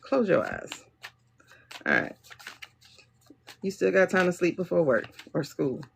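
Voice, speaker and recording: A woman's voice: fairly low pitch, animated, measured pace, creaky, slight background noise. A woman doing a livestream tarot and pendulum reading, talking bluntly and joking with her viewers.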